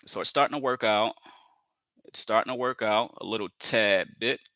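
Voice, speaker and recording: Calm man calling out trades, bright and dry. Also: on the low side, moderate pace, dry recording. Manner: repeats phrases, fills with "you know", calls viewers family; calm, talks himself into patience. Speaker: day trader streaming live trades. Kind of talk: live trading commentary.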